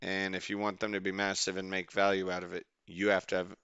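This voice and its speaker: A young man casually commentating his game as a streamer, rambling, excitable and swearing freely. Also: deep voice, fast, smooth, no room sound, dull audio.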